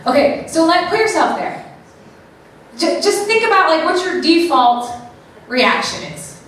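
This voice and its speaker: A woman giving a live talk to an audience, animated, acting out little quoted voices and often checking in with the crowd. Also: very high-pitched, unhurried. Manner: animated, acts out quoted voices, keeps asking "right?". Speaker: speaker at an event. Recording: very echoey room, mic far off, faint noise.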